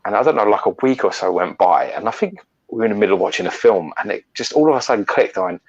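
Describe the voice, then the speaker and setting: A middle-aged man with a very low, deep voice tells rambling anecdotes, swearing freely and laughing between lines. The sound is a little dull and lo-fi, like a home live stream. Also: very animated, quick pace, slightly rough. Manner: sweary, storytelling, laughs often. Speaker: co-host. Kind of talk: casual chat.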